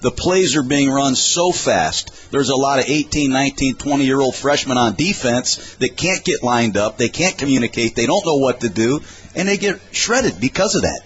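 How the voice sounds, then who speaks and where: A man's voice: mid-range voice, lively intonation, normal speed. A man who used to coach, guesting on sports radio and making his points bluntly and emphatically. His voice sits in the middle range. The recording is a little dull, with faint noise behind him. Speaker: guest analyst, former coach. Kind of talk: sports talk radio chat.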